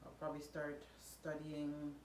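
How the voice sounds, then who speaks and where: Low-voiced Jamaican woman vlogging at home. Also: a little slow. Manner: relaxed, rambling talk with soft laughs. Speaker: vlogger and mother. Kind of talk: casual vlog chat. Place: home kitchen, indoors. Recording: echoey room with background noise.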